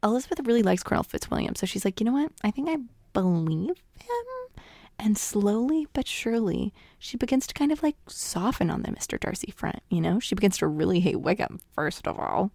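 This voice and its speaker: Chatty woman with a gravelly voice. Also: mid-range voice, brisk, darkish tone, no room sound, clean studio sound. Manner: chatty, full of "like" and "you guys". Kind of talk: casual retelling of a novel.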